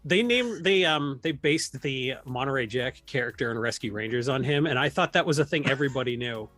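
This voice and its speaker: Snarky guy on a movie podcast, deadpan jokes, swingy animated voice. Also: mid-range voice, fairly quick, dry recording, soft background music. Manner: deadpan, sarcastic, riffing jokes. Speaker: podcast co-host. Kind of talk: casual movie review chat.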